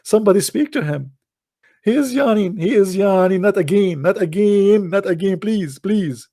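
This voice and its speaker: A man's voice: sits high, lively intonation, normal speed, mellow, dry recording, voice pushed up. A man voicing a fretful male deity who begs and panics in a whiny tone. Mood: pleading.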